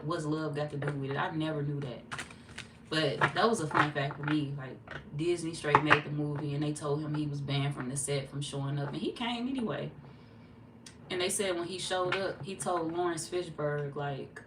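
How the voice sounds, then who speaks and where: A woman, streaming a tarot reading and chatting casually, telling animated stories and cussing freely. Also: low-pitched, moderate pace, recorded from a distance. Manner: animated storyteller, cussing freely, acting out quotes. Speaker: tarot reader streaming live. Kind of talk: casual livestream chat. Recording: echoey room, off-mic, faint hum.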